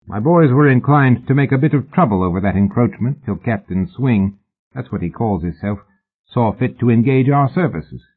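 A man voicing an easygoing working-class bill-sticker boss who talks in a cheerful, folksy, unhurried way, in a storybook reading. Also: mid-range voice, animated, breathy edge. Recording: tinny phone-like audio.

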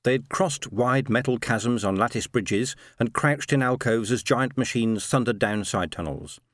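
A man narrating a science fiction story in a steady, measured reading. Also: mid-range voice, no room sound, clean studio sound. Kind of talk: audiobook narration.

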